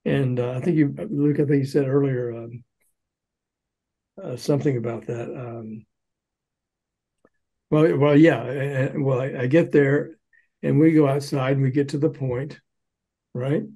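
Older man, storyteller, interview guest, mellow, acts out quotes. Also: mid-range voice, unhurried, pauses often, muffled recording. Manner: animated anecdote-telling, acting out quotes. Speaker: author and former record promoter.

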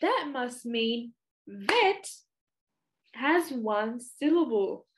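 A young Australian woman talks to small children in a high, lilting voice that rises and falls a great deal. She draws each phrase out slowly and warmly, like a preschool teacher. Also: big pitch swings. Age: young adult. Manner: slow, sing-song, exaggerated for young children. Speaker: speech clinic presenter. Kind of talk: children's educational lesson.

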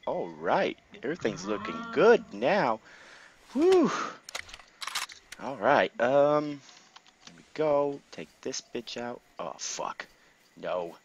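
A man commentating his own gameplay casually, excitable, laughing and swearing often. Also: medium pitch, a little hiss or hum.

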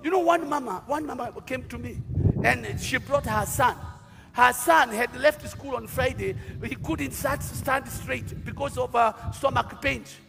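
A man with a Kenyan accent preaching a sermon as a bishop, moving from calm storytelling to shouted declarations at a live church event. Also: extremely high pitch, unhurried, vocal fry. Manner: dramatic preaching that swings from quiet storytelling to shouting. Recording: live hall recording with long reverb and faint music.

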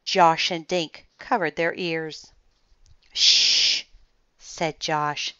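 Woman reading aloud, slow, smooth, lowish voice, dry slightly muffled recording. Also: fairly even intonation, fairly bright tone, no room sound. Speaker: children's book reader. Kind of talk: read-aloud storytelling.

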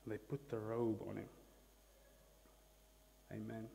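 A man's voice: on the low side, level tone, slow pace, gravelly, warm tone, long reverb tail, slight background noise. A man preaching a sermon as pastor, emphatic, asking the congregation to repeat words after him. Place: church hall.

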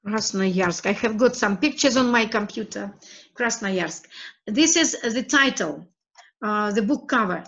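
A woman from Russia, a teacher talking through a screencast tutorial in a halting way that repeats her words as she clicks. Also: medium pitch, lively intonation, a bit bright, lo-fi sound.

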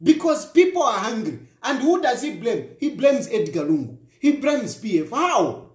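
A man with a Zambian accent, pitched high and swinging widely as he mocks, firing the same pointed question again and again. His voice rings in an echoey room with faint music underneath. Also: sing-song, normal speed, a little mellow. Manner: mocking, repeats rhetorical questions, mixes in local phrases. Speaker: political commentator. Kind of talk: opinionated online commentary.

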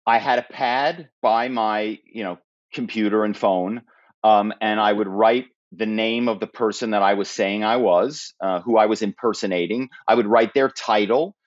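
A man being interviewed, telling stories with lively energy and acting out the voices of people on the phone. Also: fairly low pitch, normal speed, no room sound, dull audio. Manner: animated storyteller, acts out phone voices and accents. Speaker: guest, former corporate spy and author. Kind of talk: storytelling interview answers.

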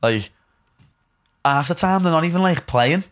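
A man's voice: a little high, lively intonation, measured pace, a bit bright. A man with a Liverpool Scouse accent hosting a podcast, chatting casually in loose slang, rambling and playful. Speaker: podcast host. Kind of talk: casual chat.

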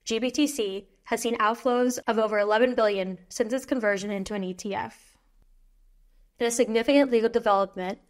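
Steady woman reading crypto news. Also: a little high. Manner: steady, even newsreader delivery. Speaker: news reader. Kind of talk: scripted news narration.

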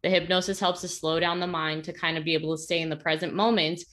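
A woman hosting a podcast, calmly explaining ideas to listeners. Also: deep voice, fast talker. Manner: calm explaining, affirming with soft mm's. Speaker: podcast host, coach. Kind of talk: casual interview chat, explaining.

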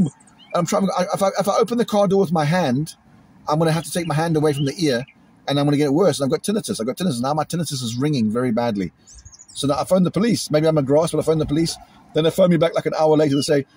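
A British man venting angrily in a vlog, repeating himself and imitating loud bangs, recorded outdoors. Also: a little high, rapid-fire, breathy edge. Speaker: vlogger. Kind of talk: agitated monologue to camera. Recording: outdoors in a cemetery.

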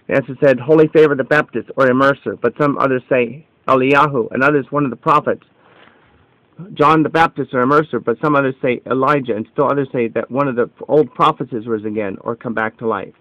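A man reading scripture aloud with commentary, slow and solemn, stressing quoted dialogue. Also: mid-range voice, fairly even intonation, fairly bright tone, no echo, poor audio.

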